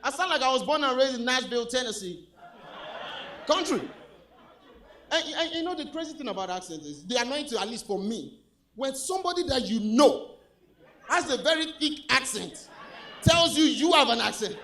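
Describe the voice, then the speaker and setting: High-voiced Nigerian man doing stand-up. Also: moderate pace, pauses often, slight background noise. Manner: animated, shifts between loud punchlines and low confiding asides. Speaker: stand-up comedian. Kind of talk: stand-up comedy set. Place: comedy club stage with a live audience.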